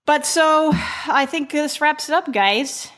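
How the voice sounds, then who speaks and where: A woman's voice: high voice, takes it slowly, a bit bright. Profane, enthusiastic woman podcast co-host. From Chicago, USA. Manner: profane, enthusiastic, restarts often. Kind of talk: casual chat.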